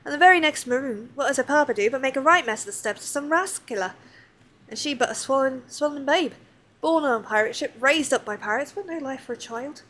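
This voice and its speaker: A woman's voice: high-pitched, animated, fairly quick, fairly bright tone. A woman voicing a chatty, fond old pirate crewmate in a salty sailor's dialect while reading game dialogue aloud. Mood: wistful.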